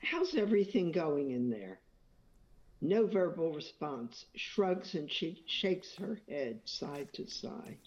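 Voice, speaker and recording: A woman questioning counsel as an appeals judge, deliberate, reading from the record. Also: sits low, very animated, darkish tone, highs cut off. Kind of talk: questioning from the bench.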